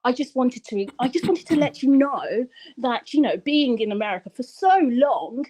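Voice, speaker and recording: A woman from England with an English accent, calling in to give her opinion in an animated, chatty way. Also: high voice, moderate pace, rough recording. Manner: animated, calls listener "darling", laughs easily. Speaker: caller. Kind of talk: call-in opinion.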